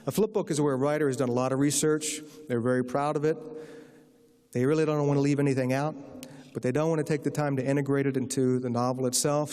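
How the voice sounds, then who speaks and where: A man's voice: mid-range voice, a little mellow. A man from Virginia giving a humorous public lecture, telling anecdotes in a wry storytelling manner. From Richmond, Virginia, USA. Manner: wry storyteller, acts out punchlines. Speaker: author giving a guest lecture. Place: large lecture hall. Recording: lecture hall with long reverb.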